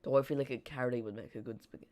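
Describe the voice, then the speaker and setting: A man's voice: mid-range voice, steady tone, racing, darkish tone. A man hosting a live football watch-along, rambling and joking with his chat while calling the play.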